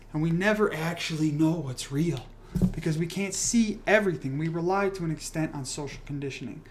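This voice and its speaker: A man's voice: a little high, slight background noise. A young man hosting a casual livestream, rambling and swearing as he rants and reads comments. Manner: rambling, profane, animated ranting. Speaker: livestream host.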